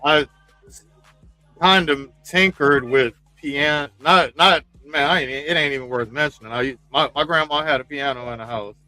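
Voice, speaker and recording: A man co-hosting a casual live stream, his voice bright and a little tense. He tells stories with plenty of swearing and laughter. The sound is dry, with faint music underneath. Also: on the high side, normal speed, dry recording, rough recording. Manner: profane, storytelling, laughing.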